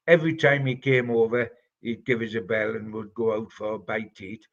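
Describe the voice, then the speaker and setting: A man's voice: on the low side, steady tone, fairly quick, gravelly, a bit bright, dull audio. An older man with a Geordie accent, a football pundit telling fond, rambling anecdotes on a fan podcast. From North East England. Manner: chatty, anecdotal, fond reminiscing. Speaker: football pundit answering listener questions. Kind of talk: storytelling, casual podcast chat.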